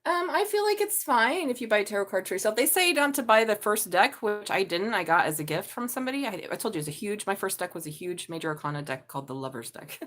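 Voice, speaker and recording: A woman's voice: mid-range voice, lively intonation, fast, hardly any pauses, fairly bright tone. Blunt, chatty woman tarot reader. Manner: blunt and chatty, swears freely. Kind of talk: casual live-stream tarot reading.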